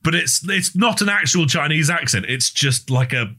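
Podcast host guy, bright sharp voice, teasing his mates, pitch jumps around a lot. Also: animated, normal speed. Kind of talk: casual chat.

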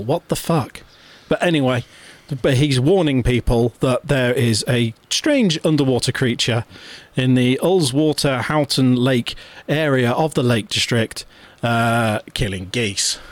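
A podcast co-host chats casually, with plenty of fillers and restarts. His voice is medium-pitched and measured, and the audio has no echo.

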